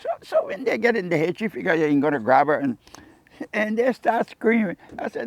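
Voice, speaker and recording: A man's voice: high voice, fast, vocal fry, no echo. An older Caymanian man, a fisherman and jewelry maker, telling rambling stories in an interview and acting out the dialogue. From Cayman Brac, Cayman Islands. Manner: animated storyteller who acts out quoted dialogue. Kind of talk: rambling anecdotal storytelling.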